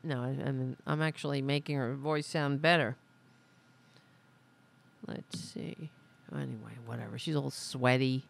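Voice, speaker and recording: A woman's voice: extremely low pitch, steady tone, unhurried, vocal fry, pauses often. A woman hosting a casual political livestream, ranting in an angry, profane and sarcastic way. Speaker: host.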